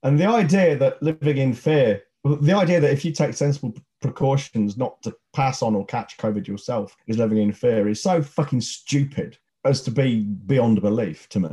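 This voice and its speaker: A man's voice: mid-range voice, normal speed, hardly any pauses, warm tone. Sweary ranting man. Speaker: podcast co-host. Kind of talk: casual podcast chat.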